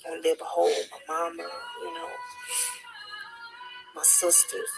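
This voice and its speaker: A woman speaking as a distraught grieving mother, gravelly. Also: lowish voice, monotone, loud music behind the voice, poor audio. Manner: halting, repeating herself, swinging between near-whisper and raised voice. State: distraught, on the edge of tears. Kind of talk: emotional personal testimony.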